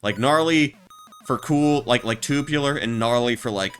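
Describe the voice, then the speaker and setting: A man's voice: medium pitch, normal speed, a bit bright, clean tone. A man streaming a game, chatting in a rambling, stammering way with crude jokes. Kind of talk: casual gameplay chat.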